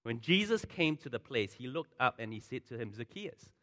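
A pastor giving a sermon in a conversational, animated way, full of asides and storytelling. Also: male voice, mid-range voice, a little fast. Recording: long hall reverb.

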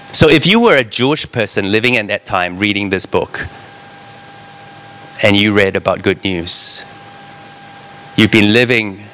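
A man preaching a sermon, reading scripture and explaining it, often asking the congregation "right?". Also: medium pitch. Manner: animated, talks to the congregation with frequent "right?".

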